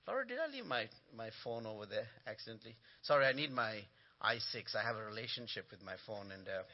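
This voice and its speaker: A man's voice: fairly low pitch, fast talker, highs cut off. A man preaching as a guest speaker in a church, telling jokes and calling out to the congregation. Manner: animated storytelling with punchlines and congregation call-and-response. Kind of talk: sermon. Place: church sanctuary.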